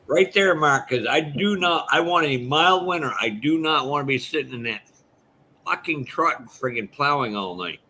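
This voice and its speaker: A man's voice: on the high side, lively intonation, normal speed, sharp tone, slight background noise, low-quality recording. A man hosting a casual hobby livestream, swearing freely and laughing through blunt, storytelling chat.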